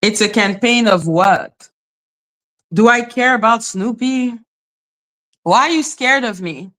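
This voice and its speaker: A woman's voice: on the high side, slow, fairly bright tone. A woman hosting a livestream, ranting in a blunt, profane and taunting way. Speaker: livestream host. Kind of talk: confrontational live-stream rant.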